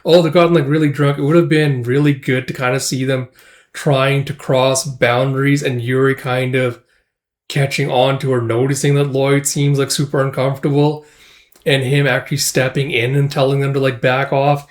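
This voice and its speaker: A man's voice: mid-range voice, little pitch movement, moderate pace. A man giving a casual, rambling review of a manga chapter, full of filler words and loose run-on thoughts. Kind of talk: casual recap and commentary.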